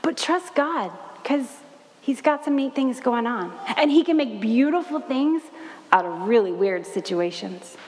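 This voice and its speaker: A wide-eyed young Mary, acted by a woman tumbles through breathless questions and exclamations. Her voice sits high. A long hall reverb trails after each phrase. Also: lively intonation, unhurried, a little mellow. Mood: reflective. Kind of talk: dramatic first-person monologue.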